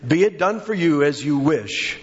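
A man's voice: on the high side, lively intonation, moderate pace, dull audio, slight background noise. A man preaching a sermon with passion, acting out the voices of the people in his story. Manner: impassioned, acts out quoted voices.

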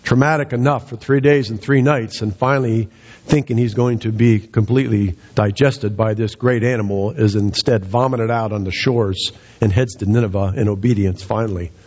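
A man preaching a sermon as pastor, rising in pitch to act out quoted lines with dramatic emphasis. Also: fairly even intonation, normal speed, a little mellow, husky. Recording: dull, muffled sound.

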